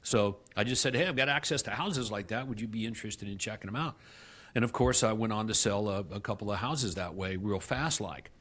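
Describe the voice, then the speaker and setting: A middle-aged man, a guest in an interview, telling his story with animated acted-out dialogue and frequent restarts. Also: on the low side, fairly quick. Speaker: guest, real estate company CEO.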